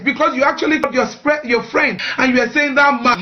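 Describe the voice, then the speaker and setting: A woman's voice: high-pitched, fairly quick, few pauses. Lady talking marriage advice live, earnest and repetitive, kinda muffled lo-fi sound. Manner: earnest, repeats herself, often asks "you know what?". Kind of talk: live-streamed advice talk.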